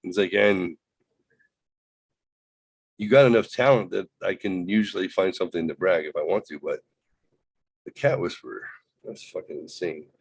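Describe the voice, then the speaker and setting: A man hosting a podcast, telling a rambling, profane, animated story in casual chat. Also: deep voice, moderate pace, creaky, pauses often, slightly rough, no echo, low-quality recording. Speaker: podcast host.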